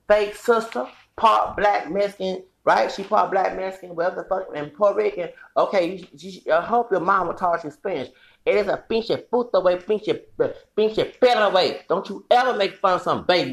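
A man's voice: high-pitched, gravelly. A man hosting a solo podcast, delivering a heated, profane, rambling rant with bursts of laughter. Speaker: podcast host.

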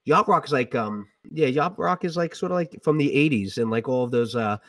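A man's voice: medium pitch, expressive, brisk, fairly bright tone, no echo, recorded from a distance. A middle-aged man talks through songs on a podcast, stopping and restarting often with plenty of ums. His voice sits a little back from the mic in a dry, dead room. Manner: hesitant, many ums and restarts. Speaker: podcast co-host, English teacher. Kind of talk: casual podcast chat about music.

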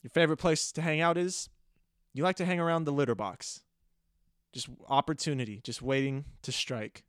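A young man hosting a podcast, telling a rambling, deadpan, playfully disgusted story in a casual comic monologue. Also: fairly high pitch, moderate pace, clear, resonant tone, no echo, clean studio sound. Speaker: podcast host.

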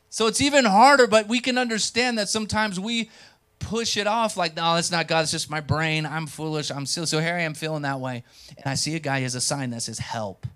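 Speaking a little high and fairly quickly, a young man preaches as pastor. He tells a personal story, performs the dialogue, and shifts from hushed asides to sudden loud outbursts.

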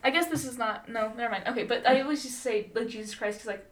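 A woman's voice: fairly high pitch, very fast, far from the mic. A young woman telling stories in casual chat, rambling with many fillers and bursts of laughter.

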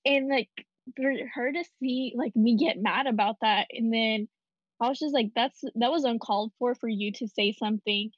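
A woman's voice: on the high side, moderate pace, no echo, dull audio. A woman who works at a school, speaking outspokenly in a casual group conversation. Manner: outspoken, quotes herself often. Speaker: school staff member.

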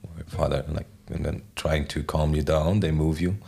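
A man with a very low, gravelly voice and a husky edge speaks as a guest in a casual chat. He rambles in an easygoing way, leaning on filler words as he thinks aloud. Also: moderate pace. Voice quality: deep gravelly voice. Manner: relaxed and rambling, many "like" fillers. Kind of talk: casual conversation.

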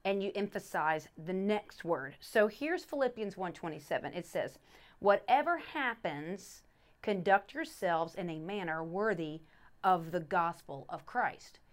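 Her voice sits lowish, animated and unhurried, as this middle-aged woman, a pastor's wife, teaches a Bible study method on the faith podcast she co-hosts. Earnest in manner, she keeps restarting and repeats verses with weight on every word.

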